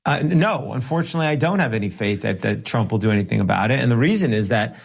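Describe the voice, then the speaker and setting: A man, a lawyer and guest, talking emphatically in an interview, slowing down to stress his points, sometimes sarcastic. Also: medium pitch, lively intonation, gravelly. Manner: sarcastic at times. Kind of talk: podcast interview talk.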